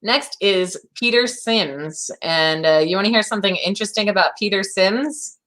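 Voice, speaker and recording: A woman co-hosting a casual true-crime podcast, telling the story in an animated way. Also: normal speed. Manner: animated storytelling, acts out quotes in a high voice. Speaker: podcast co-host.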